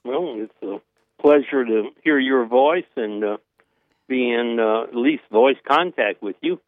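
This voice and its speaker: A man's voice: mid-range voice, a little slow, no echo. Older Southern man, guest on a phone line, dry and tinny, hesitant and plain-spoken. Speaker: interview guest. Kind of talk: phone interview.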